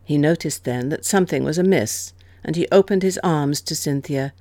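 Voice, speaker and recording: A woman narrating an audiobook in a measured, expressive manner. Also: low voice, no room sound. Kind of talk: scripted narration.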